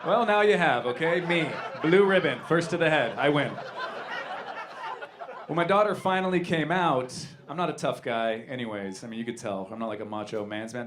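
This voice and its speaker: On a comedy club stage, a man in his thirties performs stand-up, speaking animatedly and leaping into loud character voices. His voice is mid-range, with a touch of hiss or hum in the recording.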